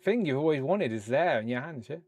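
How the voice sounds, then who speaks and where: A man hosting a casual live-stream chat, chatty and encouraging, quick with a joke. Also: mid-range voice, animated, a little mellow. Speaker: host.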